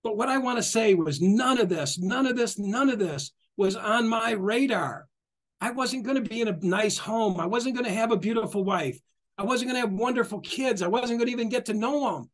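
A middle-aged man giving an animated spiritual talk, repeating phrases, acting out quotes and laughing often. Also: high voice, moderate pace. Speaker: spiritual guest speaker.

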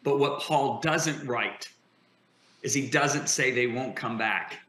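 A man talks like a fervent preacher, emphatic and driving. His voice is bright and forceful. The sound bounces around an echoey room. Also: medium pitch, takes it slowly. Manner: emphatic, builds to impassioned declarations. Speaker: guest preacher.

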